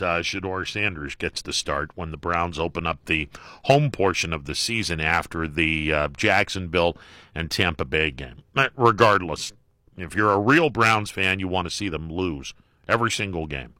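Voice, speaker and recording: Middle-aged male talk-radio host, dry studio sound, bright animated delivery, wry and joking. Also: low voice, moderate pace, no echo. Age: middle-aged or older. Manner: wry, joking, with frequent fillers. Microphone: studio microphone.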